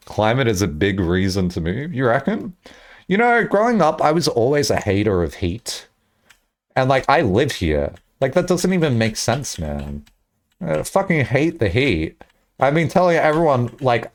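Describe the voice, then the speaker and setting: A man's voice: fairly high pitch, sing-song, moderate pace. A young man streaming casually, rambling, swearing a lot and acting out imagined conversations.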